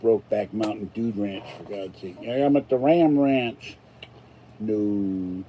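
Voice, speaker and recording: A man's voice: fairly low pitch, takes it slowly, warm tone, slight background noise, low-quality recording. A tired older man from Pittsburgh, a channel host rambling and grumbling through a casual live stream sign-off. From Pittsburgh, USA.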